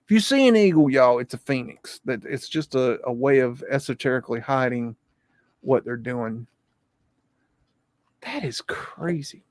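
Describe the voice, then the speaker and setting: A man hosting a livestream, talking in an excitable, profane, rambling way. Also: medium pitch, normal speed, no echo, clean studio sound. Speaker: livestream host. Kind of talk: casual livestream commentary.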